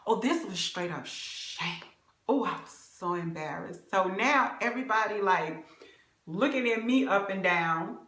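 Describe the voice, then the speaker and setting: A young woman vlogger telling a comic dating story, animated and confiding, laughing along with her viewers. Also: mid-range voice, measured pace. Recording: roomy echo.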